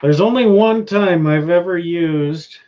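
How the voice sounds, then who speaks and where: A man's voice: high-pitched, measured pace, mellow. A Canadian man hosting a casual live-stream chat, rambling and laid-back, trailing off and restarting his sentences. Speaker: host. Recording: dull lo-fi stream audio.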